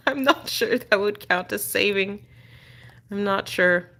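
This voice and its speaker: A woman's voice: mid-range voice, slow, a bit bright. A woman chatting casually on a live stream at home, coaxing her dog in a sing-song voice between remarks. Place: indoor room at home.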